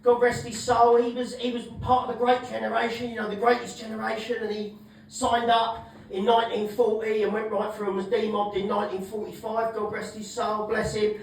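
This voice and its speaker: A man doing a stand-up comedy set, brash and sweary, shouting his punchlines. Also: high-pitched, flat delivery, fairly quick, heavy reverb, distant mic, slight background noise, rough recording. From England. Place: comedy club stage.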